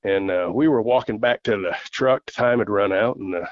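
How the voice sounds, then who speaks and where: A man with a fairly low voice tells long folksy stories as a podcast guest, taking his time. His audio sounds dull and slightly muffled, and very dry. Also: no room sound. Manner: folksy, unhurried storyteller. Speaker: guest, coonhound handler. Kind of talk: storytelling in casual interview.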